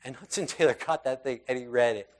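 A man delivering a sermon as loose, conversational storytelling. His voice sits at an ordinary middle pitch, and he talks casually with fillers and restarts. He often slips into quoting the people in his stories. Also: fast, darkish tone.

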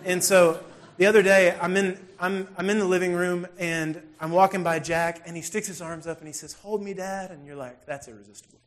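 A man's voice: high-pitched, fairly quick. A man, telling a funny story in a sermon and acting out the scenes with self-mocking humor. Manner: animated, self-deprecating, acts out scenes.

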